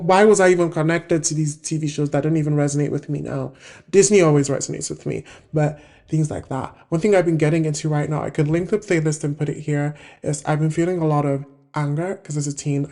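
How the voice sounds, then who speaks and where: Her voice is deep and mellow as this woman in her twenties hosts a self-help video. Reflecting casually out loud, she frequently pauses to hunt for the right words.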